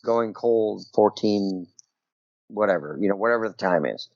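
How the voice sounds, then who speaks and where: A middle-aged military veteran telling a personal story as a podcast guest, talking loosely and peppering it with "you know" and "right?". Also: male voice, on the low side, moderate pace, a little mellow, no room sound. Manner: rambling, full of "you know" and "right?" tags. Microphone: remote call over Skype. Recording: dull, dry call audio.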